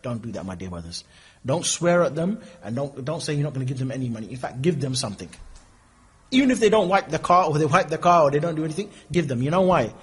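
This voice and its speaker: Fast-talking husky preacher man. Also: a little high. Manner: lively, acts out dialogues in different voices. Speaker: Islamic preacher. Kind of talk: animated Islamic lecture with storytelling.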